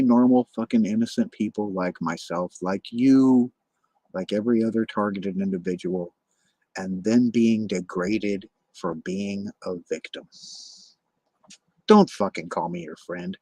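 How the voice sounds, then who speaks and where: Man on a livestream, bitter, profane rant; husky lower voice, slow, dry sound. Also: expressive, darkish tone, dry recording, poor audio. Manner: stops short, repeats and restarts words. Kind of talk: ranting livestream monologue.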